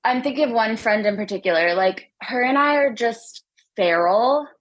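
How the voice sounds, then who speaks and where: A woman's voice: on the high side, lively intonation, normal speed, low-quality recording. A young woman from the United States chatting as a guest in an interview, upbeat and laughing often, a little out of breath. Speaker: singer and guest. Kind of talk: casual interview chat.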